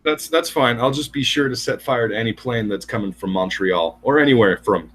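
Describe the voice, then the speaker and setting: A man joining a stream as a guest, trading crude, deadpan mock insults. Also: mid-range voice, a little fast. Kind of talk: casual crude banter.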